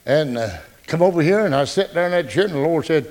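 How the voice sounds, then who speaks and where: High, lively folksy preacher man. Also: quick pace. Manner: folksy, joking, animated preaching. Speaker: pastor. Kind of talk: sermon.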